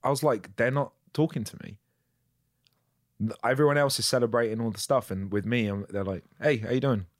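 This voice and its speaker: Speaking briskly in a medium-pitched voice, a male actor guest recounts his career with blunt honesty, plenty of profanity, and self-mocking humor. The audio is studio quality with no echo.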